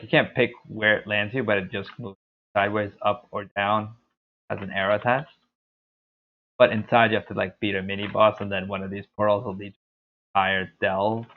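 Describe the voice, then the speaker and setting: A man's voice: fairly low pitch, little pitch movement, normal speed, vocal fry, slight background noise. A man streaming a game, rambling casually and poking fun at his own voice. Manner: rambling, self-deprecating. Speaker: gaming streamer. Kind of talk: casual gameplay commentary. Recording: tinny phone-like sound.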